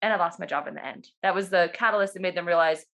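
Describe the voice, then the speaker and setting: A woman, a doula and former nurse, telling her own story in a casual, animated and excited way over a video call. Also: fairly low pitch, racing, gravelly. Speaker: doula and birth worker.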